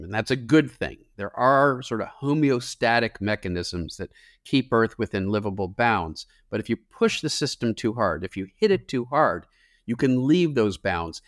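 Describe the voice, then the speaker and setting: A man's voice: mid-range voice, no room sound, studio quality. A climate scientist man answering interview questions in an earnest, explanatory way with occasional fillers.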